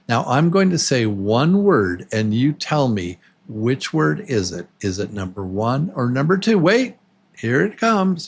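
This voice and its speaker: A man teaching a beginner English pronunciation lesson, drawing out and exaggerating each example word. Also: medium pitch. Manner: slow, exaggerated, drawn-out example words. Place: Los Angeles.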